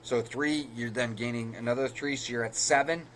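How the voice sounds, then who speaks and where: Man, podcast co-host, crisp bright tone, explanatory, self-correcting, faint background hiss. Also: medium pitch, fairly even intonation, normal speed. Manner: walks through card math step by step, self-correcting. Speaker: card game podcast co-host. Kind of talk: casual explanatory chat.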